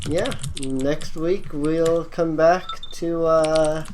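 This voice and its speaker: A woman running a tabletop game as game master, talking casually and haltingly with many fillers. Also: low-pitched, steady tone, noisy background.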